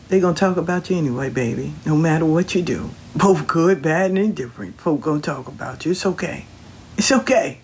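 A man's voice: fairly high pitch, fairly quick, gravelly, slight background noise. A man giving a casual, colloquial spiritual pep talk, reassuring the listener and repeating his phrases. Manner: colloquial, slangy. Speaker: motivational speaker.

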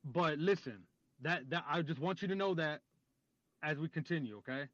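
A man's voice: a little high, normal speed, a bit bright, no echo, muffled recording. A man in a heated theological debate who argues combatively, throws in sarcasm and repeats his questions.

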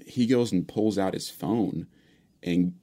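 A young man with a low, deep voice, talking as a guest in a casual chat. He tells his story in an easygoing way, full of "you know" fillers. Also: slow pace, warm tone.

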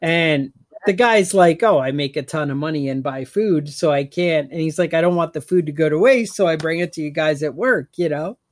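A man's voice: fairly high pitch, normal speed. A man co-hosting a podcast, telling rambling stories in casual chat and laughing often. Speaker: podcast co-host.

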